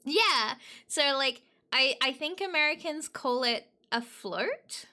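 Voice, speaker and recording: A woman's voice: high-pitched, lively intonation, takes it slowly, bright, forceful tone. A young woman chatting casually to her live-stream audience, giggly and emotional. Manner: giggly, emotional, talks to chat.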